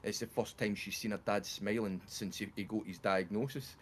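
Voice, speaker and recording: A man's voice: on the low side, normal speed, a little hiss or hum. A man chatting on a game livestream, retelling comedy bits with lots of swearing and laughter. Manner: animated storyteller, swears freely, laughs while retelling jokes. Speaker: streamer. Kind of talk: casual chat over a game livestream.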